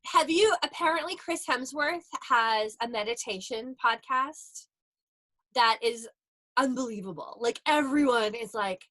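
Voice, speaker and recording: A woman co-hosting a podcast in casual chat, reacting quickly and laughing often. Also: on the high side, pushed and bright. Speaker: podcast co-host.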